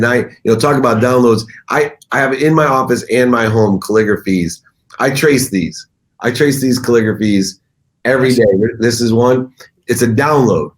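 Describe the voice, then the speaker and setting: A middle-aged man, a guest on an interview show, telling his story in conversation with an emphatic, animated delivery. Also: mid-range voice.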